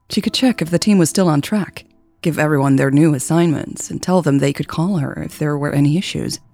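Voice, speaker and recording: Woman reading a love story, mellow and a bit gravelly, faint music behind. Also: low-pitched. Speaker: podcast narrator. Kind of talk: scripted narration of a romance story.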